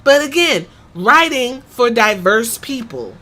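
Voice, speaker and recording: A woman with a New York accent rants bluntly on her podcast, swearing freely as she picks her points apart. Her voice sits a little high and sounds bright and forceful. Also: big pitch swings, takes it slowly. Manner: blunt, profane, ranting. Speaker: podcast host. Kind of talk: casual commentary.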